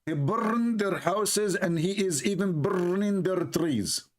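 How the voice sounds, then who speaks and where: A man's voice: sits high, slow, slight background noise. A man who does not speak natively, hosting a livestream and mocking a played clip with sarcastic, repeated rhetorical questions. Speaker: livestream host.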